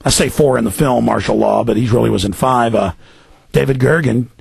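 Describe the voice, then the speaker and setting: A man's voice: mid-range voice, brisk, creaky, a little mellow, breathy edge, dry recording. A man hosting a talk radio show, ranting in fury, often mocking the people he attacks in put-on voices. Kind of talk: angry political radio rant.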